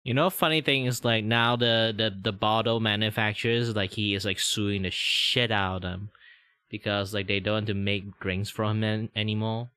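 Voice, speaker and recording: A man's voice: fairly low pitch, fairly even intonation, moderate pace, pushed and bright, smooth. A man with a Malaysian accent chatting casually on a stream, laughing often, swearing and restarting his sentences. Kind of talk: casual reaction stream chat.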